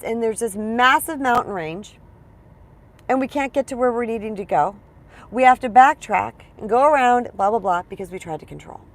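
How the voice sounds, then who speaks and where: A woman whose voice is on the high side speaks as a spiritual coach in a casual teaching monologue. She's chatty and emphatic, often checking in with her listeners.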